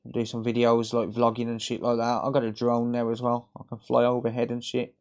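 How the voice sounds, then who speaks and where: A man's voice: mid-range voice, monotone, brisk, a little mellow. A British man hosting a live repair stream, rambling in casual chat, swearing and laughing a lot.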